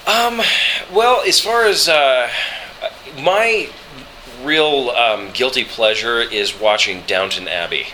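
A man, a voice actor from Colorado, telling travel stories in a relaxed interview, halting with many fillers and restarts. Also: medium pitch, a little hiss or hum, low-quality recording. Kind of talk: relaxed interview chat, storytelling.

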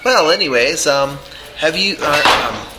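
A man's voice: a little high, lively intonation, unhurried. A man interviewing a guest, easygoing and hesitant, with many fillers. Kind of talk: casual interview questions. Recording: crowd noise behind.

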